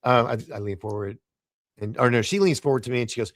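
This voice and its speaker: A middle-aged man, a podcast guest, telling animated anecdotes and acting out the dialogue in shifting voices. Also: medium pitch, fast, no room sound, studio quality. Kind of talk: casual storytelling in a podcast interview.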